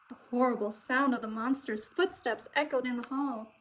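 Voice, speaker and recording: A woman narrating a children's picture book aloud with expressive, dramatic delivery. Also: a little high, normal speed, hardly any pauses, a little hiss or hum, rough recording. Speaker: storybook reader.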